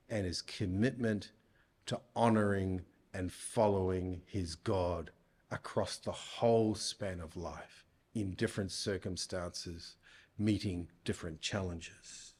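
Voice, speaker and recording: A man preaching a sermon in church, speaking deliberately and putting rhetorical questions to his listeners. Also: sits low, fairly even intonation, husky.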